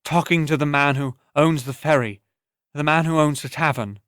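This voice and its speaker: A man voicing a sick, halting young boy. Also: a little high, steady tone, fairly bright tone, smooth, dry recording, studio quality, lightly acted. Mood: strained. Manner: halting, strained speech.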